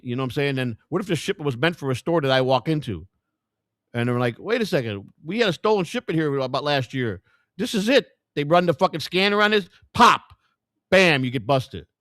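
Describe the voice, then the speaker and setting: A man hosting a live stream, rambling and swearing as he thinks out loud to his chat. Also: medium pitch, no room sound, clean studio sound. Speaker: livestream host. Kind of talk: casual live-stream commentary.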